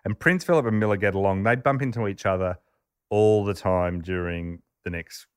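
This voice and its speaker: A man casually telling anecdotes on a podcast, chatty and animated, laughing as he goes. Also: fairly low pitch, normal speed, clean tone, no echo, studio quality. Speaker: podcast host telling a story. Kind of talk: casual storytelling chat.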